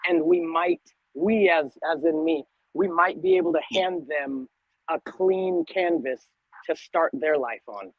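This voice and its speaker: A man talks in a reflective, thoughtful way, often stumbling over the first word before he goes on. His voice sits a little high. The sound is dry and close. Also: measured pace, no room sound, poor audio. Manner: thoughtful, stammers on first words. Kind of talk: reflective casual conversation.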